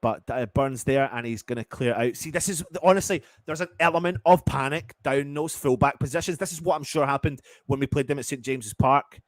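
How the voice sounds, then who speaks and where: A man calls the match as a passionate fan, dropping to mutters and bursting into shouts. His voice is mid-pitched and recorded close and dry, with no room around it. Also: fairly quick, hardly any pauses, dry recording. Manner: excitable, swears, swings from muttering to shouting. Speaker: fan watchalong commentator. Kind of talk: partisan live match commentary.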